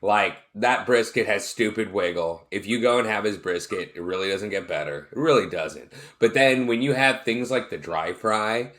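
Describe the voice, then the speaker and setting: A man hosting a food and drink podcast, talking in an excited, slangy, emphatic way. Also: lowish voice, normal speed, few pauses, slight background noise. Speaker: podcast host. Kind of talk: casual chat.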